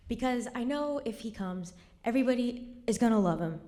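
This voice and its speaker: A woman's voice: a little high, expressive, fairly quick, mellow. A young woman telling a true personal story live on stage at a cultural center, in a wry conversational way that drops to a near whisper at somber moments.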